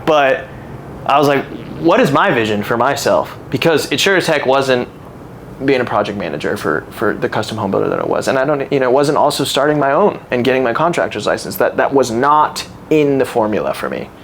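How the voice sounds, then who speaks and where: An earnest man in his thirties talks candidly and reflectively in a podcast interview, with a voice of ordinary middle pitch. A faint hum sits behind him. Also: big pitch swings, a little fast, gravelly, fairly bright tone. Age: 30s. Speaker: podcast guest. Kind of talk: casual interview storytelling.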